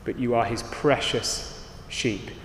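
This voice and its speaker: A man's voice: mid-range voice, takes it slowly, a little hiss or hum. A man preaching a sermon, earnest, often restarting his sentences. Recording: roomy hall reverb.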